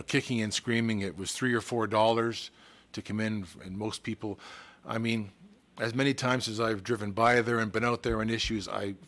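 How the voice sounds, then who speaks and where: A man's voice: fairly low pitch, fairly bright tone. A man, a town staff member presenting at a council meeting, hesitant, with many restarts and fillers. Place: council chamber.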